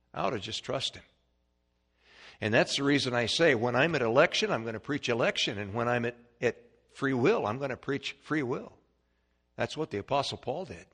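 A man preaching a sermon, emphatic, swinging from quiet passages to shouted ones. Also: medium pitch.

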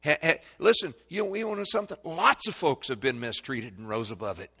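A man preaching a sermon, reading scripture in old-fashioned wording and calling out verses, swinging between loud stresses and quiet asides, recorded in a church sanctuary. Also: on the high side, big pitch swings, fairly quick, slightly rough. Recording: long reverb of a large hall.

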